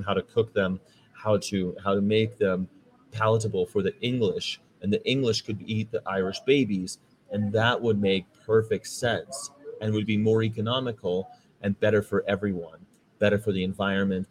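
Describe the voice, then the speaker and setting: A man's voice: lowish voice, fairly even intonation, fairly quick, slight background noise, rough recording. An American man hosting a podcast, talking in a casual, rambling monologue that turns preachy. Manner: chatty, rambling, preachy about veganism. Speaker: vegan podcast host.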